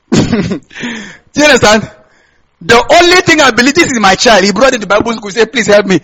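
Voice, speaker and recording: Husky Nigerian preacher man, high voice. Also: moderate pace, sharp tone, rough recording. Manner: preaching with call-and-response questions to the congregation. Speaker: pastor. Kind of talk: sermon.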